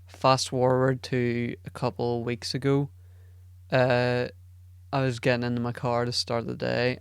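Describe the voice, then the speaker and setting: Gravelly flat-voiced podcast host. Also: male voice, medium pitch, no echo, clean studio sound. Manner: rambling and profane, self-deprecating. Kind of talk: casual solo podcast chat.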